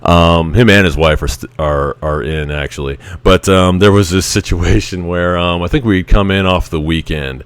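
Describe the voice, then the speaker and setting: Deep-voiced man telling rambling stories. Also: moderate pace, few pauses, clear, resonant tone, no room sound. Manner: rambling and chuckling, with frequent restarts. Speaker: Navy veteran telling stories. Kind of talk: casual anecdotal storytelling.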